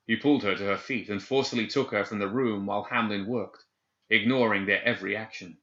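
A man narrating a dark fantasy story in a measured, dramatic reading. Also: on the low side, steady tone, echoey room. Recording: dull lo-fi recording.

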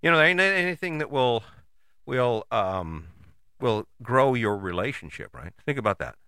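Animated man with a bright, lively voice. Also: mid-range voice, normal speed, clear, resonant tone, dry recording, clean studio sound. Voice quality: casual, swears freely. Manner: animated, conversational, frequent rhetorical questions. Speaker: motivational host. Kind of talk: motivational monologue.

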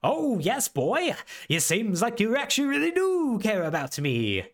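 A man's voice: sits high, wildly swooping pitch, a little slow, pitched above the performer's own voice, exaggerated voice. A man voicing a male cat robot with a put-on fake Celtic accent in a cheerful, mock-sincere tone. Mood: sing-song.

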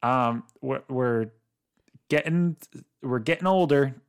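A male podcast co-host in easy, casual conversation. His voice sits at a middle pitch, and he laughs freely between loose, joking remarks. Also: takes it slowly, smooth. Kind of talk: casual chat.

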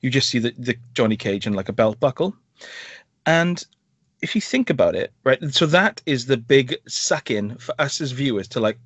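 A man's voice: medium pitch, no echo, highs cut off. A man, a podcast co-host, chatting casually through a film review, rambling and sarcastic. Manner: animated, rambling, sarcastic asides.

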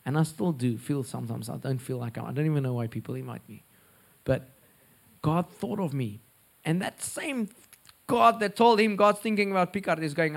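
A man's voice: mid-range voice, moderate pace, gravelly. Earnest South African man preaching. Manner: storytelling, earnest and expressive. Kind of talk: sermon.

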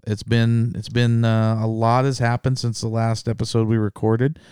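A man's voice: medium pitch, monotone, normal speed, a little mellow, clear, resonant tone, dry recording, studio quality. A man co-hosting a podcast, chatting casually in a rambling, jokey way with many restarts. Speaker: podcast co-host. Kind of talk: casual chat.

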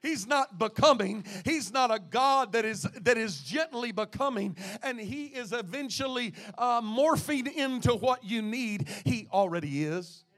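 A man with a high-pitched voice preaches a sermon. He swings from ringing exclamations down to hushed, intimate asides, and he reads scripture aloud between his points. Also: expressive, unhurried, few pauses. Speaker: pastor.

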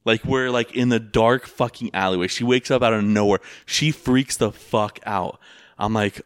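A man's voice: fairly low pitch, fairly even intonation, normal speed, clear, resonant tone, no echo, studio quality. A young man telling a rambling story in casual chat, full of fillers and swearing. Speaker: rideshare driver.

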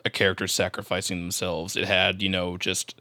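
A man co-hosting a podcast, talking in a relaxed, rambling way. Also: deep voice, fairly quick, no room sound. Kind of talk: casual chat.

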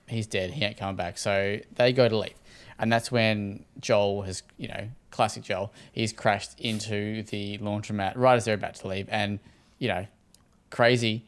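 A man's voice: on the low side, clear, resonant tone. A man with an Australian accent, casually recapping a show episode as a podcast co-host, rambling and swearing. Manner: rambling, laid-back, swears and laughs often. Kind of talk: casual chat.

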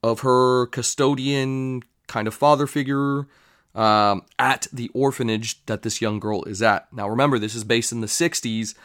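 A man's voice: medium pitch, steady tone, moderate pace, a bit bright, no echo, clean studio sound. A young man reviewing a series in a loose, rambling way, with swearing asides. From United States. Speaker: show reviewer. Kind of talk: casual show review.

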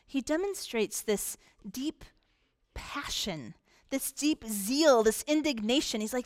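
A woman pastor delivering a conversational sermon, slowing into emphatic pauses on key points. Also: sits high, animated, no echo. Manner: conversational preaching with dramatic pauses.

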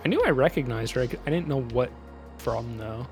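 A man with a mid-range voice co-hosts a podcast in a relaxed, dry tone. He swears casually and pauses on fillers while he thinks. Faint music plays under the talk. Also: medium pitch, vocal fry. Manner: laid-back, dry, swearing, hesitant fillers. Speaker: podcast co-host. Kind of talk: casual movie review chat.

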